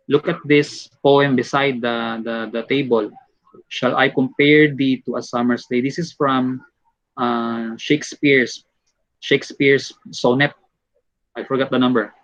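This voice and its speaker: Male reviewer with a Filipino accent, mid-pitched, on a dull lo-fi call, teaching a class in a loose way with many fillers. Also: a bit bright, no room sound. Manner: switches between English, Tagalog and Cebuano with many fillers; explains slowly and reads examples aloud. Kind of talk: online exam review lecture. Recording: dull lo-fi audio.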